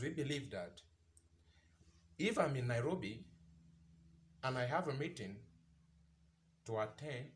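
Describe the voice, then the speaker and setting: A vlogger delivers an impassioned commentary monologue in a preachy manner, firing off rhetorical questions and repeating phrases for emphasis. His pitch is lively, and there's a little hiss or hum on the recording.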